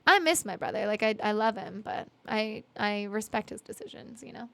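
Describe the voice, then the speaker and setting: A woman's voice: mid-range voice, animated, moderate pace, gravelly, sharp tone. A young woman from Canada chatting casually with viewers on her live stream, giggly and apologetic with lots of fillers. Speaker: streamer and singer-songwriter.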